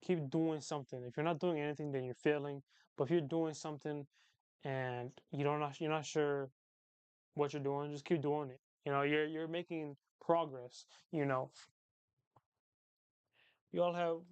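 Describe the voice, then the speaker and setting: A man's voice: fairly high pitch, fairly even intonation, unhurried, long pauses, a little mellow, smooth, dry recording. A young man hosting a livestream, chatting casually with viewers in a rambling, slangy way and repeating his phrases. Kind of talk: casual chat.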